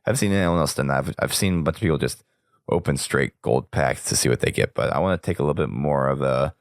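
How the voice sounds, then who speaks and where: Hoarse sick man with a gravelly low voice. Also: quick pace, no echo, studio quality. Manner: rambling, casual. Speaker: podcast host. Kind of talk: casual podcast chat.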